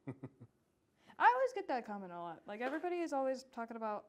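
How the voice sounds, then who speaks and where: A woman's voice: on the high side, big pitch swings, fast, a little mellow. Woman, blunt laughing podcast banter. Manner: blunt, laughing, swears freely. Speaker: podcast co-host. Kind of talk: casual chat. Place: library podcast room.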